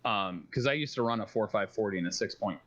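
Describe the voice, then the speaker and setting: A man's voice: fairly low pitch, quick pace, fairly bright tone, a little hiss or hum. A man rambling through a laughing story, on a muffled stream. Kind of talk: casual chat on a sleepy stream.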